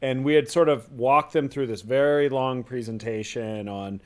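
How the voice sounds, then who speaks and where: A man co-hosting a business podcast in relaxed conversation. He tells a story in a mid-range voice and gets excited as it reaches the punchline. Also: medium pitch, normal speed, few pauses. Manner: builds to excited, laughing punchlines. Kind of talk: casual chat, storytelling.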